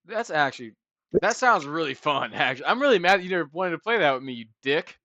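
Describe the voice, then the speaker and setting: A man's voice: a little high, sing-song, fast, sharp tone, no room sound, lo-fi sound. A man co-hosting a podcast, telling rambling stories in a casual chat, laughing and swearing freely. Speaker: podcast co-host.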